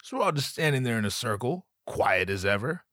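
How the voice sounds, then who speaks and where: Young guy comedian telling a wild story, pitch jumping all over, stammers a lot, dry sound. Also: brisk, no room sound. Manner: animated, stammering, acts out other voices.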